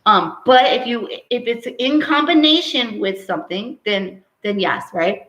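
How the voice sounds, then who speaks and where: A woman who works as a medium, hosting a live stream, reading out viewer comments and preaching in an animated way that keeps ending on "right?". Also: on the high side, measured pace, reverberant, rough recording.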